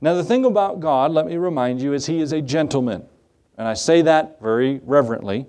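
A pastor delivers a sermon with emphasis, repeating key phrases and posing rhetorical questions as he shifts between loud passages and quiet asides. His voice sits a little high, and his pace is brisk.

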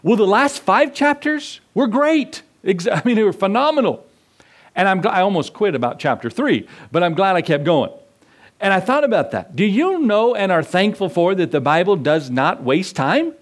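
A man's voice: high voice, sing-song, moderate pace. A man preaching a sermon as pastor, asking the congregation questions and acting out little asides.

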